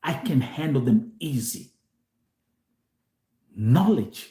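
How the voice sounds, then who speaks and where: An echoey room surrounds this Kenyan host's mid-range, mellow voice as he takes his time. Animated during his live monologue to viewers, he moves between Swahili and English and often says the same thing again.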